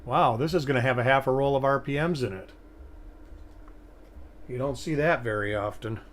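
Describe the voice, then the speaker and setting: Relaxed man hosting a coin livestream. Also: medium pitch, moderate pace, a little hiss or hum. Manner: relaxed, rambling, thinking aloud. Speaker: coin hunting livestream host. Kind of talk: casual live commentary.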